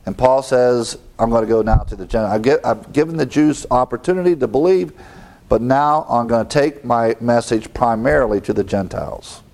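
A man's voice: mid-range voice, a little fast, creaky, a little mellow. A man preaching an expository sermon with an earnest teaching tone, quoting scripture and asking rhetorical questions.

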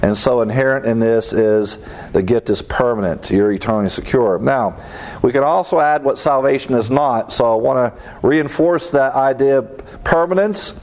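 Middle-aged man preaching to a class, mid-pitched, earnest, leans on repetition. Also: moderate pace, a little mellow. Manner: earnest, emphatic, repeats key phrases. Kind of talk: sermon-style teaching.

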